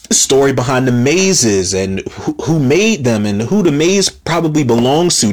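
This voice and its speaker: A man hosting a solo podcast, rambling casually, stammering over his words and swearing freely. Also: mid-range voice. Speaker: podcast host.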